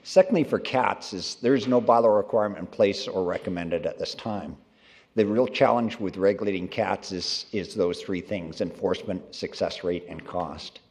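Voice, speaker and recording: Deep-voiced man, echoey council chamber. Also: normal speed, darkish tone. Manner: hesitant, many fillers and restarts. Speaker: city director presenting a staff report. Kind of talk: formal report to council. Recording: long reverb of council chamber.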